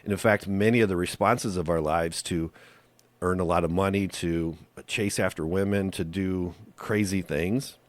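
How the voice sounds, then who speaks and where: A man's voice: low voice, fairly even intonation, normal speed, no echo. A male podcast host giving faith-based relationship advice in an earnest, conversational monologue that leans on rhetorical questions.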